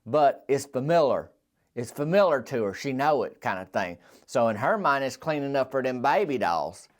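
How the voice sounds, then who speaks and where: A man's voice: medium pitch, very animated, normal speed. A man, a podcast host telling a folksy story in a rambling, chatty way with drawling asides.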